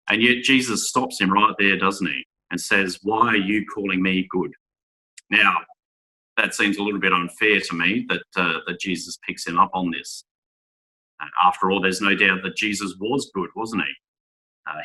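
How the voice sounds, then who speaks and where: Low, bright-toned man giving a Bible talk. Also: poor audio. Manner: asks rhetorical tag questions, reads scripture aloud; measured, with small restarts. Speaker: speaker at a Bible school. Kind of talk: Bible talk to young men.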